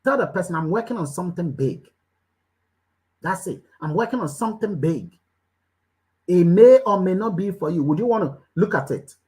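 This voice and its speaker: Her voice is on the low side and darkish, expressive, at a normal speed, with poor audio quality. As a motivational business coach, she emphatically repeats short commands time after time and takes a preachy tone, putting questions directly to the audience.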